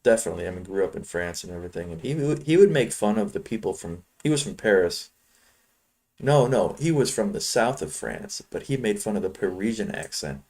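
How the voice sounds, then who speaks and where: Trading futures on camera, a man from Chicago chats casually and rambles between trades. His voice is lowish and darkish, expressive and a bit fast.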